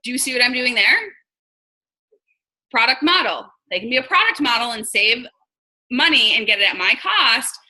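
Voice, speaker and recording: Woman, 30s, from New York, blunt and chatty team coach, bright and fairly high voice. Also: animated, normal speed, pauses often, poor audio. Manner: chatty, blunt, acts out quoted dialogue. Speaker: direct sales team leader. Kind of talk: casual coaching talk on a live video.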